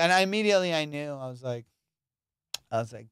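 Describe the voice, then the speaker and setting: Comic host, slightly high, smooth voice, dry close mic, profane storyteller. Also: male voice, brisk, dry recording. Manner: animated, profane, laughs through his stories. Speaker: comedian host. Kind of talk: casual podcast storytelling.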